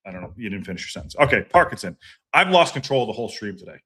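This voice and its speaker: Ranting bright-voiced male fan host. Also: lowish voice, very animated, very fast, slightly rough. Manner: ranting, swearing, repeats himself. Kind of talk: heated fan reaction stream.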